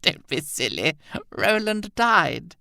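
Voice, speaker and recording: A man reading an audiobook, voicing a frail, confused elderly mother in a high, trembling, drawn-out voice. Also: very animated, gravelly, bright, forceful tone, no room sound, studio quality, exaggerated voice. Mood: distraught. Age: older. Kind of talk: audiobook character voice.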